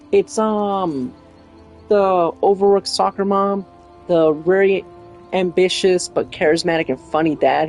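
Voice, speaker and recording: A woman's voice: on the low side, darkish tone. A woman chatting casually while streaming a game, rambling and laughing often. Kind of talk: casual chat while gaming.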